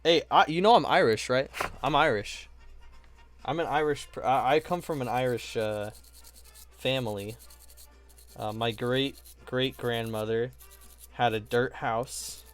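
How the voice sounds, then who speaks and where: A man's voice: medium pitch, a little slow, pauses often. A man live streaming while building models, chatting casually in a playful, joking and often profane way.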